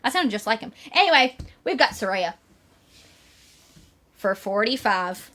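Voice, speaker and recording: Young woman, high and bright, bantering live-stream seller. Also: sing-song, unhurried. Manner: playful, bantering. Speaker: guest autograph seller. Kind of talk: live stream sales chat.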